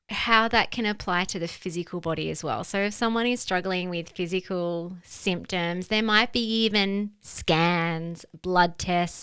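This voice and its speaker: A woman's voice: lowish voice, a bit bright, smooth, no echo. Encouraging woman podcast host. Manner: affirming, encouraging interviewer. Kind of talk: conversational podcast interview.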